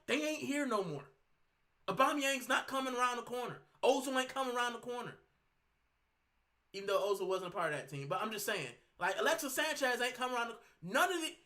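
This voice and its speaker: Sick and straining his voice, a fan-channel host fumes and rants heatedly to the camera, repeating himself. His pitch is extremely high and his tone sharp.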